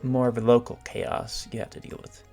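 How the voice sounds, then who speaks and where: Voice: medium pitch, little pitch movement, a little fast, a little mellow, soft background music, natural voice. A gamer reading a game's dialogue aloud as a friendly, reflective village woman. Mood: musing. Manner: reads game dialogue aloud.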